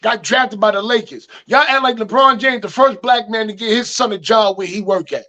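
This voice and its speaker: A man's voice: high voice, normal speed, sharp tone. A man giving blunt, slangy opinions in a casual podcast debate over a video call. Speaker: comedian panelist.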